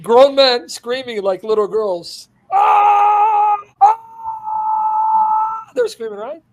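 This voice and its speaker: An animated male preacher delivers an expository sermon in a high voice. He breaks into laughter and acts out the scenes as he retells them. His delivery swings between loud, excited bursts and quiet asides. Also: measured pace.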